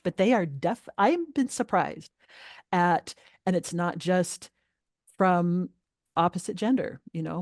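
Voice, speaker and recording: A middle-aged woman guest on a parenting interview, speaking earnestly and emphatically, growing animated when upset. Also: on the low side, dry recording, studio quality. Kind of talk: podcast interview.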